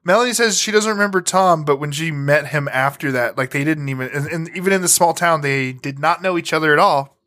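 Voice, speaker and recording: A man's voice: a little high, brisk, pushed and bright. A man co-hosting a casual podcast, retelling an alien encounter story with swearing and laughter. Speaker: podcast co-host.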